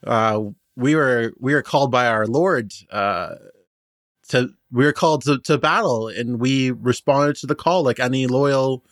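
A man's voice: medium pitch, unhurried, fairly bright tone, no echo, clean studio sound, lightly acted. A man voicing a cheery, chatty male halfling shepherd guiding travelers in a tabletop game. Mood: friendly. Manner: friendly, chatty, modest.

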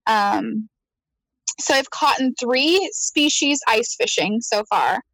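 A high-voiced woman tells a story in casual conversation. She is animated, laughs often and acts out what she said. The sound is dry and close. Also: slow pace, no echo, rough recording. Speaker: guest.

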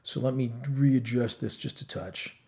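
A man with an everyday mid-range voice, talking casually about music. He pauses with ums and softens his opinions with hedges. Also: mid-range voice. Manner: hesitant, many ums, hedging. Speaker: podcast co-host.

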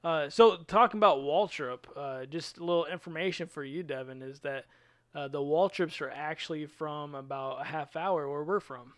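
A man with a fairly high-pitched voice co-hosts a podcast at a moderate pace, casually chatting about racing. He laughs often and is joking and animated, and the recording is dry with clean studio sound.

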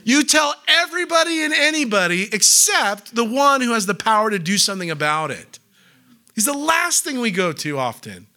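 A man's voice: extremely high pitch, normal speed. A young pastor preaching in a casual, joking way, acting out little voices to make his points. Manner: animated, joking, acts out voices. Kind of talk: sermon.

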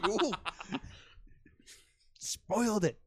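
Young guy on a podcast, lively up and down voice, acts out his reactions, dry close sound. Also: high-pitched, very slow, breathy edge, no echo. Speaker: podcast co-host. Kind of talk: casual chat about movies.

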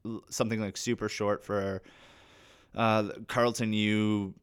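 Canadian man, smooth clear voice, slightly low, casual animated storytelling, swears freely. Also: unhurried. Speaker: podcast guest, actor. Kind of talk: casual chat.

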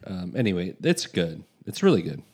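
A man's voice: deep voice, very animated, normal speed, warm tone, breathy edge. A man co-hosting a casual chat, opinionated and often talking over the others.

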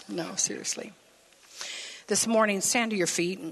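A woman's voice: fairly low pitch, normal speed, a little hiss or hum. A middle-aged woman pastor preaching a sermon in a church, telling stories casually and building to bold declarations. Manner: animated, conversational storytelling with rising declarations. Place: church sanctuary.

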